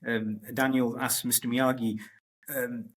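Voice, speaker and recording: A man's voice: medium pitch, little pitch movement, unhurried. A man hosting a casual interview, gushing with fan enthusiasm about favorite scenes. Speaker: interview host.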